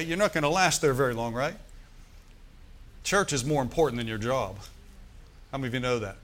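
A male pastor delivers a lively sermon, calling out to his congregation for responses. He swings from loud, rising bursts to quiet, low asides, and his voice sits at an ordinary pitch for a man. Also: a little fast, pauses often. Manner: energetic preaching, calls for congregation response, swings between loud and soft.

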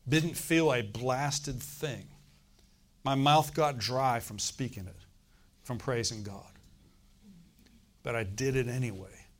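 A middle-aged man preaching a sermon, telling a personal story with loud bursts and acted-out laughter. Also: medium pitch, slow, pauses often.

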